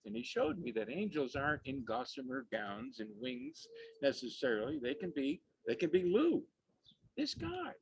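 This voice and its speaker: Gravelly heartfelt man giving a eulogy. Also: sits high, a little hiss or hum, poor audio. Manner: heartfelt, halting, repeats words as he searches for them. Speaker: memorial speaker. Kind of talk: eulogy at a celebration of life.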